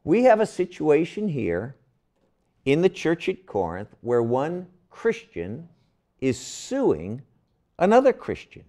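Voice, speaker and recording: A man's voice: fairly high pitch, huge pitch swings, slow pace, dark tone. An older man teaching a Bible class, asking his listeners questions and leaning hard on key words.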